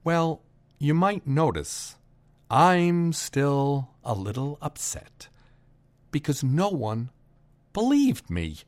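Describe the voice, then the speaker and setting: Slow, deliberate male storyteller. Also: a little high, very animated. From Boston area. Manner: unhurried, pausing for effect, shouting quoted lines. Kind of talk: personal storytelling performance.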